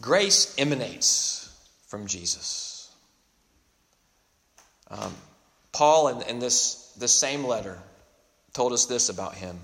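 A man's voice: mid-range voice, animated, slow, long pauses, fairly bright tone, in a large hall. A male pastor giving an earnest, emphatic sermon, often restarting and repeating his words as he builds each point.

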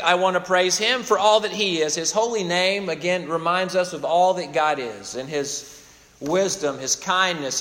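High-voiced male preacher in a reverberant hall. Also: a bit bright. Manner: expository preaching, dynamic with emphatic swells and drops. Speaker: pastor. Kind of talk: sermon.

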